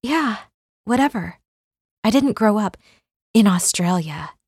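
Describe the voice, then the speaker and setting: A woman's voice: medium pitch, animated, slow, a little mellow, breathy edge, no room sound, clean studio sound, pitched above the performer's own voice, full character voice. A woman doing a wry, bookish young newcomer.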